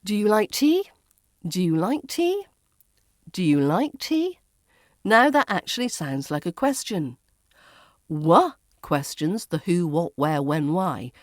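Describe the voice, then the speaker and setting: Brief: British RP woman, accent coach, low voice, very lively intonation, dry close sound. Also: no room sound. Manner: clear, demonstrative, models intonation examples. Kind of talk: podcast pronunciation lesson.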